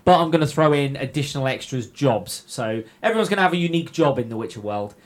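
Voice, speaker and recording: A man's voice: medium pitch, lively intonation, fast talker. Rambling man running a tabletop game. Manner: rambling, many fillers and restarts. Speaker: game master. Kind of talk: casual podcast chat.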